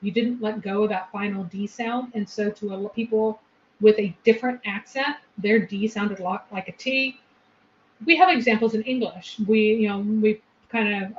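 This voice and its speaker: A woman's voice: medium pitch, normal speed. A woman co-host explaining a point patiently and walking through examples in a casual discussion. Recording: echoey, lo-fi room recording.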